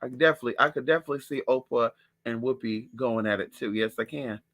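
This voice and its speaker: A man talking in a sassy, profane, animated way in a casual gossip monologue at home. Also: mid-range voice, quick pace. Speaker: vlogger.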